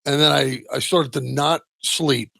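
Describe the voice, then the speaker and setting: Gravelly middle-aged man, halting and candid. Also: fairly high pitch, steady tone, dry recording. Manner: halting, many restarts and soft trailing asides. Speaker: interview guest, retired football player. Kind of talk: candid personal storytelling.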